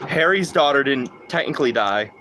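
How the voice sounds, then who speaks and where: Young male streamer, very expressive intonation, casual, crude, joking banter with chat. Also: medium pitch, brisk, a little hiss or hum. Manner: animated, profane, jokey, riffs off chat. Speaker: livestreamer. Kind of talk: casual gaming livestream chat.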